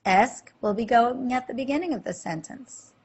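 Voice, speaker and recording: A woman teaching a slide-based language lesson, explaining slowly and clearly and quizzing the listener with questions. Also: a little high, a little mellow, muffled recording. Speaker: French teacher.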